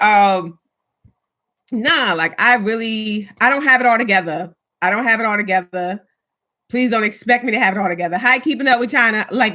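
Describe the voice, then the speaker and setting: A chatty woman hosts a casual livestream, replying emphatically to viewer comments as she chats live with them. Her voice is medium in pitch with a sharp tone.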